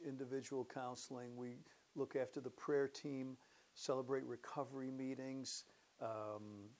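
An older man speaking as a church pastor, with a mid-pitched voice that sits right in the ordinary range for a man. He talks in an easy, chatty way with casual fillers. As he tells his personal testimony he grows more animated and vivid. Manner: relaxed conversational, warming into animated storytelling.

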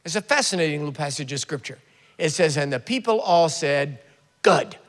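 Male preacher, high voice, lively storyteller, big echoing hall. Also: brisk. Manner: animated storytelling, acts out the prophet's taunts with sudden loud bursts. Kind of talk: sermon.

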